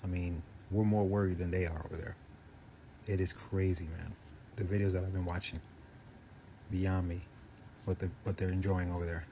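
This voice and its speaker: Man, very deep mellow voice, casual commentary, faint background noise. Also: little pitch movement, moderate pace, long pauses.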